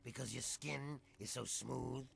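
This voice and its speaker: A man voicing a world-weary ghoul townsman in a video game, with a rough, drawling folksy voice. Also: medium pitch, fairly even intonation, unhurried, a little hiss or hum. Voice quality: gravelly, rough voice.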